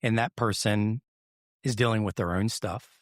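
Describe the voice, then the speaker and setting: A man's voice: fairly low pitch, steady tone, moderate pace, no room sound, studio quality. A man talking candidly as an interview guest, telling stories in a reflective, rambling way. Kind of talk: casual interview chat.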